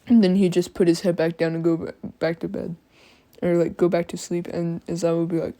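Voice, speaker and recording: A woman's voice: fairly low pitch, completely flat delivery, normal speed, dark tone. A sleepy woman telling a fan story in a casual, slangy, drawling way with many fillers.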